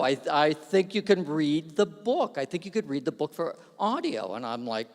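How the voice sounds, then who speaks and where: On stage at an awards gala in a large hall, a man gives a self-deprecating speech full of animated anecdotes into a stage microphone, with long hall reverb. His voice is a little high, moderately paced, with hardly any pauses.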